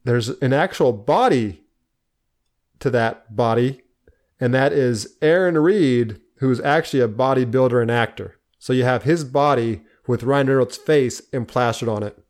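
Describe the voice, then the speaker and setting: A man's voice: medium pitch, a little slow, darkish tone. Upbeat man sharing movie facts. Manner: enthusiastic, laughs often. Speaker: podcast co-host. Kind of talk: casual movie chat.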